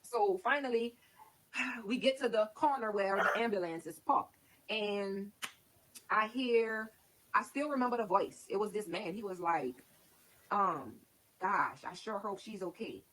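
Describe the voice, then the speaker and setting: A woman's voice: mid-range voice, a little slow, long pauses, a bit bright, slight background noise, low-quality recording. A woman casually telling her own life story to her stream viewers, candid and rambling, with lots of "like". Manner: candid, rambling, heavy use of "like". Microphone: streaming setup.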